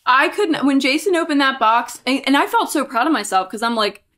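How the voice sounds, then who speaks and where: A young woman with a high, bright-sitting voice tells a story on a casual podcast. She is animated, acting out each exchange and jumping her pitch way up for quoted lines. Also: a little fast. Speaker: podcast co-host.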